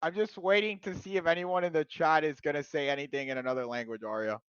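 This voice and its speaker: A man hosting a casual live stream, excitable, laughing loudly and filling pauses with ums. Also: a little high, clear, resonant tone, no echo. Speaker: streamer host. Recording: dull lo-fi dry sound.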